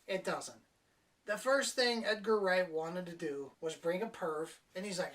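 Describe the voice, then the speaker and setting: A woman's voice: on the low side, normal speed, fairly bright tone, distant mic, rough recording. Blunt, sarcastic woman reviewing a film. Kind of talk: casual spoken movie review.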